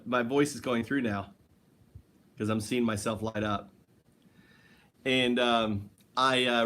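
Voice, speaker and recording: A man's voice: mid-range voice, fairly bright tone. A man talking alone on a home livestream, loose and rambling. His delivery is wry and joking, and he keeps addressing a listener who never answers. The talk is casual and meandering. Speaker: livestream host. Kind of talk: rambling solo livestream chat.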